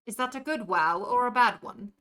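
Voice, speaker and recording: A woman's voice: fairly high pitch, moderate pace, fairly bright tone. A young woman streaming a game, chatting casually and answering her viewers by name as she reads the chat.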